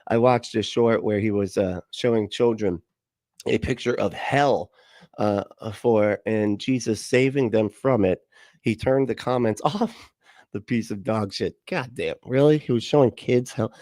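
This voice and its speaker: A man's voice: on the low side, darkish tone, no room sound, clean studio sound. A man hosting a livestream, reacting to a video with sarcastic, profane commentary and frequent laughter. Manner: sarcastic, profane, laughs often, mocking voices.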